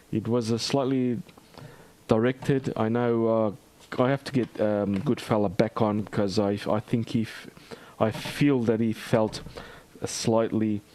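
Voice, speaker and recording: An Australian man hosting a livestream in a rambling, halting chat full of fillers and restarts. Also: on the low side, darkish tone. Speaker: livestream host.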